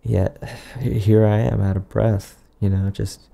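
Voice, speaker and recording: A man delivering an improvised, absurd comedy monologue in a rambling, deadpan way, often trailing off and restarting. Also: on the low side, takes it slowly, vocal fry.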